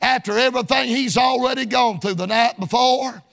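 A male preacher delivering a sermon in a sing-song cadence, often shouting, with folksy colloquial phrasing. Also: very high-pitched, moderate pace, vocal fry.

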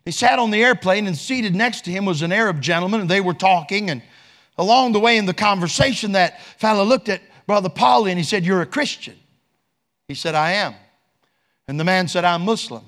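A man's voice: sits high, fairly quick, a bit bright. A man preaching a sermon, quoting scripture in King James wording and rising for emphasis.

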